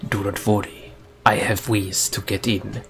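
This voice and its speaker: A man voicing a stern, solemn samurai who speaks in a low, hushed, half-whispered way in an improvised spoken story. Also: flat delivery, unhurried, creaky, a little hiss or hum.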